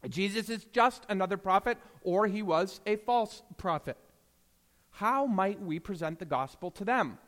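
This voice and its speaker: A man preaching a sermon as a pastor, telling stories and swinging between hushed, slow passages and emphatic rises. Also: high voice, expressive, big-room sound.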